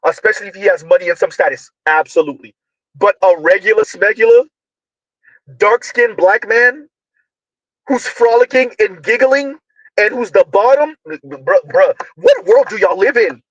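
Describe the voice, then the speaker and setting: A man delivering a loud, emphatic commentary monologue, often shouting, full of slang, repetition and rhetorical questions. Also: sits high, animated, moderate pace, no room sound, dull audio. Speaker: online commentator.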